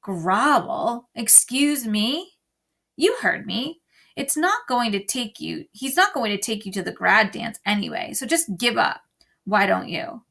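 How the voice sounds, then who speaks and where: A woman's voice: fairly high pitch, big pitch swings, unhurried, creaky, sharp tone, exaggerated voice. A woman voicing an eager, fawning teenage girl in a read-aloud storybook.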